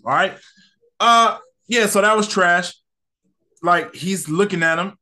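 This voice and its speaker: Animated slangy man reviewing movies. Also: high-pitched, takes it slowly, pauses often. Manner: animated, slangy, acts out characters' lines. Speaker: podcast host reviewing movies.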